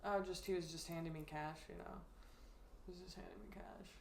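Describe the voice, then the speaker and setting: A woman's voice: fairly low pitch, steady tone, brisk, a little hiss or hum. A woman co-hosting a casual podcast chat, joking around and laughing while she tells stories. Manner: laid-back, joking, laughs often. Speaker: podcast co-host. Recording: roomy echo.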